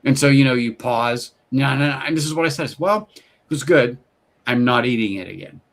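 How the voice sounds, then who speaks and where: A middle-aged man hosting a casual chat, telling stories with lively quoted voices and frequent laughter. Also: mid-range voice, brisk. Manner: storytelling, animated quoted voices, laughs often. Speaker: host.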